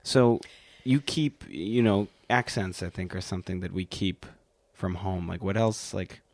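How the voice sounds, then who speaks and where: A man's voice: low-pitched, a little slow, vocal fry, a little mellow, dry recording. A man from Wisconsin hosting a casual podcast chat, rambling with lots of fillers and restarts. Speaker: podcast host. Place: office.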